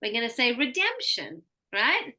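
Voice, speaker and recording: Australian female pronunciation coach; bright, slightly high voice; patient, models each word clearly. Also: lively intonation, normal speed. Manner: explains patiently, models words for repetition. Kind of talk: one-on-one pronunciation lesson.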